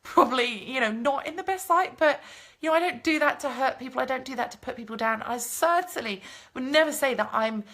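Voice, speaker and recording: A woman vlogger chatting casually and telling an animated story, swearing freely as she answers viewer comments. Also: high voice, brisk. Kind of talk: casual chat, live stream.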